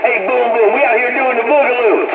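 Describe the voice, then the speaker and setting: A man's voice: very high voice, steady tone, a little fast, vocal fry, loud music behind the voice. A man bantering over CB radio, chanting calls and laughing between lines. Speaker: CB radio talker. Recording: distant, echoey, noisy tinny radio.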